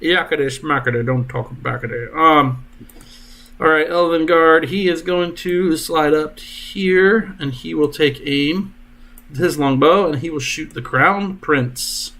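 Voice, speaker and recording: A man as dungeon master, narrating combat turns with brisk, jokey asides. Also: on the high side, a bit bright.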